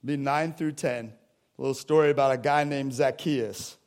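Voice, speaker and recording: A pastor preaches a sermon in a church sanctuary at a moderate pace, his medium-pitched voice steady and a little mellow. He talks with the congregation conversationally and acts out scenes from the Bible in quoted voices.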